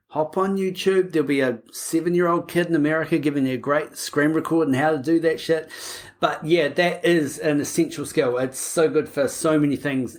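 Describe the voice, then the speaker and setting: A woman co-hosting a casual podcast, chatty and quick to laugh. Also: sits low. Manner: chatty, laughs often, says "like" a lot. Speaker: podcast co-host. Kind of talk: casual chat.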